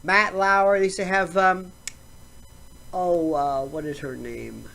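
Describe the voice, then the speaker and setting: A woman's voice: fairly low pitch, steady tone, slow, creaky, fairly bright tone, slight background noise. An American woman hosting a show, delivering a sarcastic, rambling comedic rant full of digressions. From United States. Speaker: show host.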